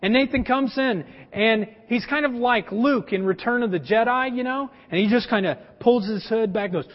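A man's voice: extremely high pitch, moderate pace, hardly any pauses. A man preaching a sermon, telling a story and speaking straight to his congregation. Long hall reverb, dull lo-fi sound. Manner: storytelling, direct address to the congregation. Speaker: pastor.

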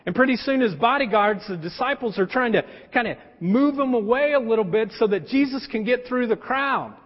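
Man, pastor, animated sermon, very high voice, echoey hall, dull sound. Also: brisk. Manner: animated storytelling, casual slang.

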